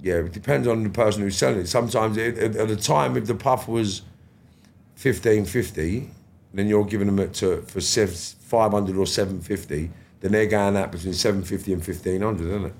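A man's voice: lowish voice, moderate pace, vocal fry, a little hiss or hum. A middle-aged man, a podcast guest telling stories casually, acting out conversations with slang and swearing. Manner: animated, acts out dialogue with slangy swearing. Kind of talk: casual storytelling interview.

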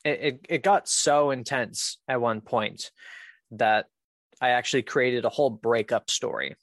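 A man talking as a guest on a podcast, candid and casual, often laughing and using "um" as he goes. His voice sits at an ordinary middle pitch. The recording is dry, with no room sound. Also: unhurried, a bit bright, dry recording. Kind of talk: casual personal storytelling.

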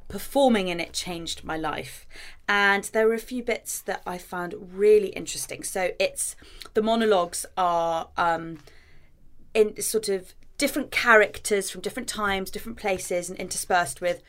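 Bright chatty woman cohosting a podcast, keen, reads bits out. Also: medium pitch, normal speed. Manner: chatty, enthusiastic, reads excerpts aloud. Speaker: podcast co-host. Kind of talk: casual chat.

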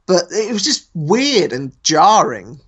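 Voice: medium pitch, sing-song, takes it slowly, fairly bright tone, breathy edge, dull audio. An easygoing co-host with a Nuneaton Midlands accent, chatting casually about wrestling and hedging their views. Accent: Nuneaton, English Midlands. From Nuneaton, England. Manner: easygoing, hedging, laughs easily. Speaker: podcast co-host.

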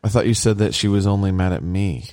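A man's voice: on the low side, fast talker, darkish tone. A man in his forties co-hosting a podcast in playful casual chat, laughing often, recorded in a home garage. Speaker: podcast co-host.

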